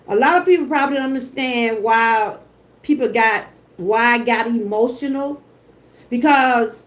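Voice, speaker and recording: A woman with a Southern US accent hosting a casual livestream, emotional and effusive as she greets the people in her chat. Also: fairly high pitch. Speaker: host.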